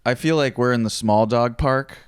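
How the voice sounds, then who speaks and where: Young man, smooth dry voice. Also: mid-range voice, moderate pace, no echo. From Philadelphia. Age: young adult. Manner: reflective, self-deprecating, asks the guest questions. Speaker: podcast host, comedian. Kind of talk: casual chat.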